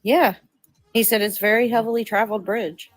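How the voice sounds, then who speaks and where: A woman's voice: medium pitch, fairly even intonation, moderate pace, no echo, rough recording. A woman hosting a livestream panel, chatting casually in a rambling way that trails off into fillers. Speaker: livestream host.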